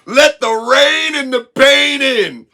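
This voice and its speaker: A high, gravelly male host who rattles off betting picks in a rhyming, sing-song flow. His voice is sharp and bright, with faint music behind him. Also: slow. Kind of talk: hyped sports-betting talk.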